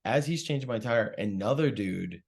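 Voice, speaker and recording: A man telling a profane, animated story in casual chat and acting out what people said. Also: mid-range voice, normal speed, gravelly. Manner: animated, profane, acts out quotes. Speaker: comedian guest.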